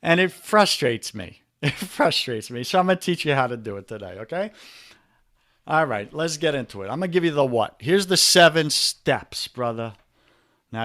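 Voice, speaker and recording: A man with a New York accent talks in a fired-up, preachy coaching style, leaning hard on his points. His voice sits a touch higher than most men's. The sound is dry and close, with no room echo. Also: fairly bright tone, smooth. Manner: emphatic, preachy, calls listener brother. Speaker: podcast guest, men's coach. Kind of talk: energetic motivational talk.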